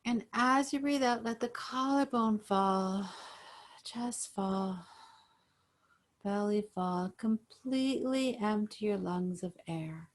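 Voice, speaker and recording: A woman yoga instructor gently guiding breathing exercises over a video call. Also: mid-range voice. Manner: slow, gentle, soothing guidance.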